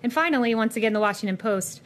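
Woman, spokesperson, press briefing, pointed, measured, slightly high. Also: animated.

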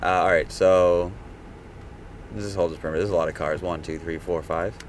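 A man's voice: low voice, little pitch movement, brisk, background noise. A man hosting a bounty hunting vlog, talking in a casual, joking, rambling way from inside a car. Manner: joking, laid-back, rambling. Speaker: bounty hunter host.

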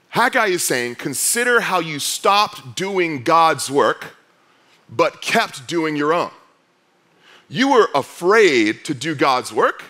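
A pastor delivering a sermon in a fairly high male voice. He speaks conversationally and keeps putting direct questions to his listeners. His delivery shifts between loud, fired-up bursts and quiet, low stretches. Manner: conversational, asks the congregation many direct questions.

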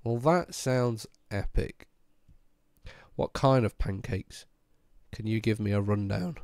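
A man's voice: on the low side, expressive, slow pace, darkish tone, no echo, clean studio sound. A young man streaming and chatting casually with his viewers, ill and with a voice that keeps cracking. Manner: chatty, laid-back, answers viewers one by one. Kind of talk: casual chat with live viewers.

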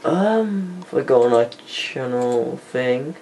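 A teenage boy talks to his camera in a loose, rambling way while he plays a computer game at his desk. He mutters and swears at the game under his breath. His voice sits at a middle pitch, and there is steady hiss and room noise on a cheap handheld camera mic. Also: slow. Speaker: vlogger. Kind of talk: casual vlog chat while playing a computer game. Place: indoors at a computer. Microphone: camera mic, held by hand. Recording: noisy home camera recording.

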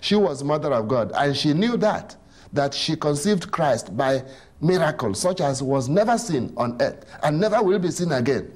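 Guy explaining church teaching, higher voice, swoops up and down a lot, keeps asking who are we. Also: moderate pace. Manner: animated, emphatic, asks rhetorical questions. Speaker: Catholic teacher answering catechism questions.

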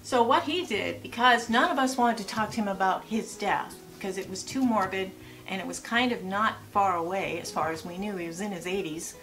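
A woman's voice: mid-range voice, a little fast. Chatty woman in her sixties. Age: 60s. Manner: chatty, animated, with asides and rhetorical questions. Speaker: lifestyle vlogger. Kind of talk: casual chatty advice vlog.

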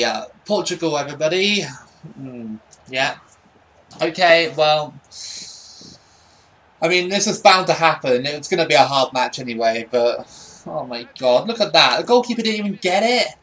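A man's voice: fairly high pitch, animated, moderate pace, fairly bright tone. A young man giving casual commentary over a football video game, often frustrated and swearing at it. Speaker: gaming YouTuber.

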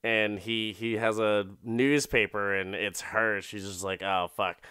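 A man's voice: on the low side, fairly even intonation, a little slow, bright, forceful tone, smooth, dry recording, studio quality. Profane rambling man recapping an episode. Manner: profane, rambling, filler-heavy storytelling. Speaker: podcast host. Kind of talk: casual comedic episode recap.

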